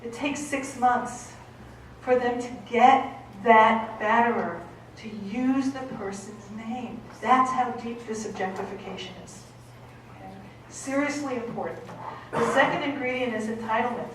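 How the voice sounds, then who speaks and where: A woman's voice: on the high side, a little slow, slight background noise. A woman from Boston with a Boston accent, giving an emphatic conference talk and often checking in with "okay?". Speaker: conference speaker. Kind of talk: lecture. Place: conference hall. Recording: echoey hall, voice from a distance.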